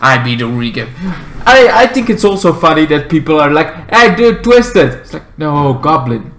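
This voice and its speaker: A young man hosting a casual vlog recap, rambling, swearing and breaking into sudden shouts and squeals. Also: a little high, animated, normal speed, roomy sound, slight background noise. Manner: loud, erratic bursts of shouting and squealing; swears freely, rambling with fillers. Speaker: YouTube recap host.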